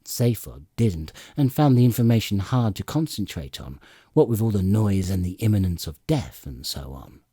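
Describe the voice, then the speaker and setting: A man narrating an audiobook with expressive storytelling and dry comic timing. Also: lowish voice, normal speed, breathy edge, no echo. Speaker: audiobook reader.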